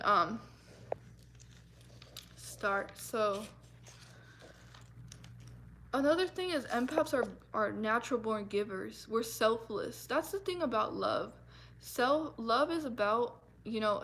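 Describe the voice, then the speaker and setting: A woman's voice: on the high side, a bit bright, a little hiss or hum. A woman vlogger talking earnestly and from the heart about her feelings, with many fillers and restarts. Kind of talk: personal talk to camera.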